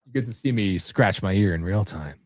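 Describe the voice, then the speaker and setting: A man's voice: low voice, expressive, fairly quick, a little mellow, no room sound, clean studio sound. Combative, profane talk show host man. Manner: rambling, profane, combative, jumps between topics. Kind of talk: live political talk show rant.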